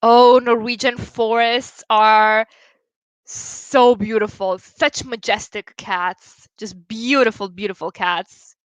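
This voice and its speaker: A woman's voice: fairly high pitch, fairly even intonation, slow pace, smooth, no room sound. A young woman chatting casually with viewers on a livestream, giggling often as she reads and answers comments. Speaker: livestream host.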